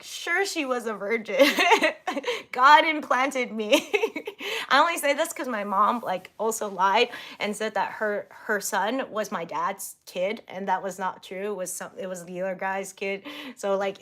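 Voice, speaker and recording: A woman's voice: mid-range voice, fairly bright tone. A woman in her thirties chatting casually on a livestream, reading viewer comments aloud and giggling often.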